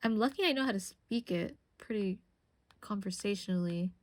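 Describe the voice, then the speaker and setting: A young woman chats casually on a live stream and drifts from one thought to the next as she answers her viewers. Her voice sits at a middle pitch and sounds close and dry. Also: moderate pace, no echo. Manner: chatty, rambling, answers chat. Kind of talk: casual chat while crafting on stream.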